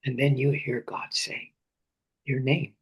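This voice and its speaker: A man leading a guided meditation, speaking slowly and often sinking into breathy whispers, repeating phrases and names softly. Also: medium pitch, flat delivery. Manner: slow, drifting into breathy whispers. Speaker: meditation teacher.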